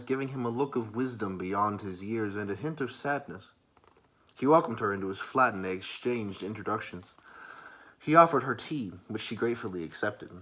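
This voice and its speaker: A man reads a story aloud in a soft, calm ASMR style. His voice is bright and crisp, with a mid-range pitch. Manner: calm, soft and even narration.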